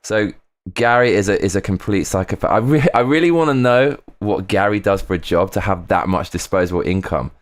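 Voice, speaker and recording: Brisk and on the low side, a man chats on a live stream, reading comments from his viewers. He's excitable, swears often, and keeps repeating himself.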